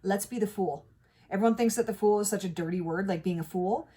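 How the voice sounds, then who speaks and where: A woman giving a casual tarot reading to camera, talking in an animated, emphatic way and swearing now and then. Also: medium pitch, a little fast, husky. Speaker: tarot reader.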